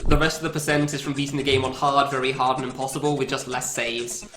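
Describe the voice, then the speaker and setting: A man's voice: medium pitch, level tone, fairly bright tone, soft background music. Elated male speedrunner on the verge of tears. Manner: elated, laughing, halting and lost for words. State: close to tears. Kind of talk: live commentary on his own run. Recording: roomy echo.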